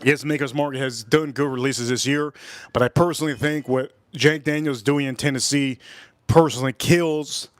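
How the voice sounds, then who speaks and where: A middle-aged man with a Miami accent rambles through a casual whiskey livestream. He drags his phrases out and keeps repeating himself. His voice sits a bit high and sounds close and dry, with no room around it. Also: fairly bright tone, dry recording. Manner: rambling, repetitive, drawn-out phrases. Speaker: whiskey reviewer and livestream host.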